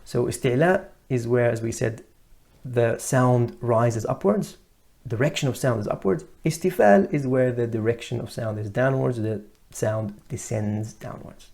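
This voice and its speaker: A man teaching a recorded lesson, calmly explaining and sounding out letters loudly and slowly to contrast them. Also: mid-range voice, vocal fry. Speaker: tajweed teacher.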